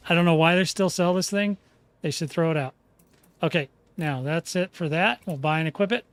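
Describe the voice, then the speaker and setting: On the high side and fairly quick, this gaming channel host's voice comes through with no echo. He leads a casual game tutorial in a folksy, talkative style, frequently restarting sentences and checking in with "okay?".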